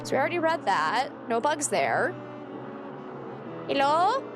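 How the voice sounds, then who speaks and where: A woman's voice: sits high, sing-song, a little slow, music in the background. A woman streamer chatting casually while playing a game, exasperated and swearing casually as she goes. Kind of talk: casual gameplay commentary.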